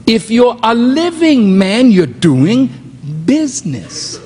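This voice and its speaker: An older man preaches a fired-up sermon in a high, swooping voice that leaps up to shouts and then falls to a near murmur. He takes his time over each phrase, and a long reverb from a large hall trails after his words. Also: big pitch swings, slow. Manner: preaching with shouted peaks and sudden drops. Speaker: minister. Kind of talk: fiery sermon.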